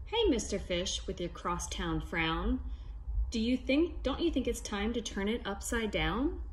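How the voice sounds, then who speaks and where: A woman voicing a friendly, grinning female clam, gently coaxing. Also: medium pitch, expressive, a little slow, slight background noise, close to an everyday voice, rough recording.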